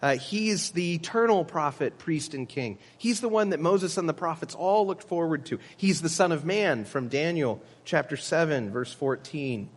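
A man's voice: fairly high pitch, lively intonation, moderate pace, hardly any pauses, in a large hall. A man preaching a sermon as pastor, earnest and emphatic, with teaching asides to the congregation.

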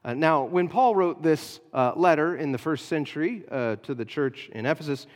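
A pastor preaching a sermon, explaining a passage in an earnest teaching manner with frequent hesitations. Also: male voice, fairly high pitch, normal speed, long reverb tail.

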